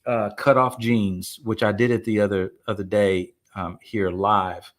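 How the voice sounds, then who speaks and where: Slow, rambling man chatting live. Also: lowish voice, level tone, slight background noise. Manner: rambling, halting, many fillers and restarts. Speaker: singer-songwriter hosting a live stream. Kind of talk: casual live-stream chat. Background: faint guitar playing.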